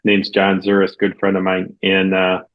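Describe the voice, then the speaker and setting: A man hosting an interview podcast, telling a story in casual chat and acting out the quoted lines with big jumps in pitch. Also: monotone, moderate pace, dull audio. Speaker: podcast host.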